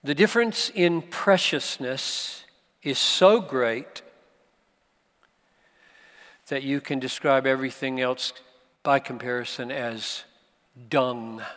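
A man preaching a sermon at a conference, slow and emphatic, with dramatic pauses. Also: mid-range voice, a bit bright. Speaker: pastor. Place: large conference hall. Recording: live hall recording with long reverb.

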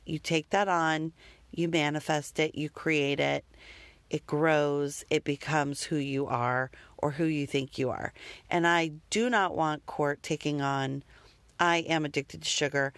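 A woman's voice: low-pitched, dry recording. A woman talking candidly about parenting in a rambling, self-critical monologue with the odd curse word. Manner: rambling, self-deprecating, occasionally profane.

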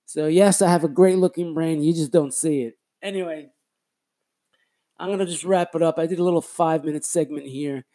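A man's voice: a little high, fairly even intonation, moderate pace, dark tone. Rambling man hosting a casual podcast. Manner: rambling, self-correcting, chatty. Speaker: podcast host. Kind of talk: casual solo podcast talk.

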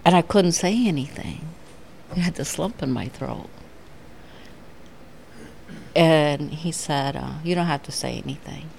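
A woman's voice: sits low, unhurried, creaky, long pauses, a little mellow, a little hiss or hum. A middle-aged woman speaking at a recovery meeting, telling her story in a heartfelt way and laughing often.

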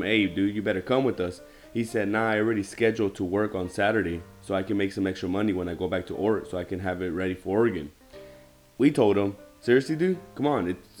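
Low-voiced man hosting a podcast. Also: darkish tone. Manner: leading into a question, storytelling. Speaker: podcast host. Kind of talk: casual podcast talk.

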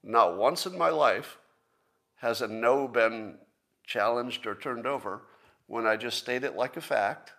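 A man's voice: mid-range voice, measured pace, vocal fry, bright, forceful tone. A man hosting a podcast, giving a casual solo monologue in a plain-spoken, self-assured way and often asking rhetorical questions. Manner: conversational, persuasive, fond of rhetorical questions. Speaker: podcast host.

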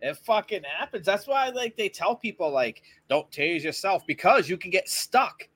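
A man's voice: sits high, lively intonation, normal speed, a bit bright. A man co-hosting a podcast, chatting casually with lots of swearing and offhand news remarks. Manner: swearing, laughing, reads news items offhand. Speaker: podcast co-host. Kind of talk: casual profane banter.

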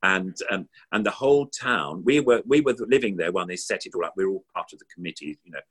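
A man's voice: sits low, expressive, fast, slightly rough. An older man, a puppeteer, reminiscing in a casual, rambling, enthusiastic way with many ums and restarts.

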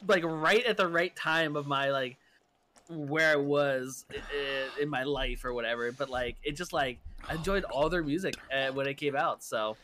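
A man's voice: mid-range voice, normal speed, slight background noise. A man co-hosting a podcast, chatting casually about music with lots of fillers. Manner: relaxed, filler-heavy rambling. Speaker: podcast co-host. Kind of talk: casual chat.

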